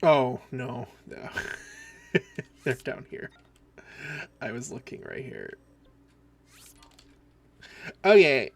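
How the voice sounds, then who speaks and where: A man's voice: medium pitch, wildly swooping pitch, extremely slow, creaky, long pauses, husky. Chatty Minnesotan man streaming a game. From northern United States. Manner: chatty, rambling, lots of "like". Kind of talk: casual live-stream chat.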